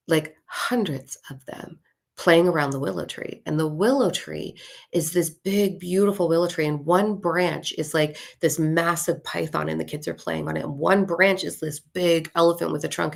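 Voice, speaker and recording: Low gravelly-voiced woman telling a story. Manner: animated, swears, acts out voices in her story. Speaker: spiritual content creator. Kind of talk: personal storytelling.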